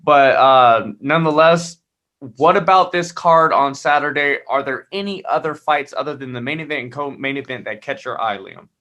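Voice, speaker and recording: A man's voice: medium pitch, normal speed, pushed and bright, dull audio. A laid-back man, hosting a casual podcast chat and asking questions. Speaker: podcast host.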